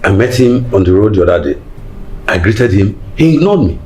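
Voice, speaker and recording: A serious, puzzled Nigerian family friend. His mid-pitched voice moves up and down freely, with faint noise behind. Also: very animated, brisk, darkish tone. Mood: concerned. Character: concerned male family friend.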